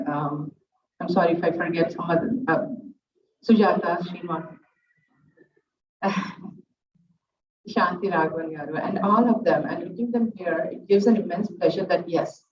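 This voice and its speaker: A middle-aged woman, a dance teacher giving an earnest, halting speech at her student's recital. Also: lowish voice, a little hiss or hum. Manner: earnest, halting, with many fillers. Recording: roomy, distant, dull sound.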